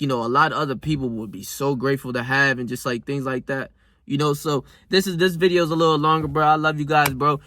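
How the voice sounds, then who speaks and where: A man's voice: mid-range voice, pushed and bright. A young man vlogging while out walking in his neighborhood, giving a rambling, profane, slang-heavy motivational pep talk to his viewers. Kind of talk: casual motivational vlog.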